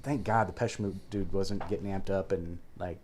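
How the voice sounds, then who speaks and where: A man guest telling a story in a casual, animated way, swearing freely and acting out quoted voices. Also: low-pitched, normal speed, background noise. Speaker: guest, military veteran.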